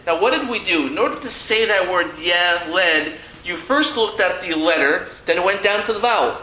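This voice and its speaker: The rough recording catches slight background noise and echo as this man, voice sitting high, expressive and fairly quick, pushed and bright, leads a Hebrew reading lesson at the classroom board. He's chatty, pokes fun at himself, and frequently starts sentences over.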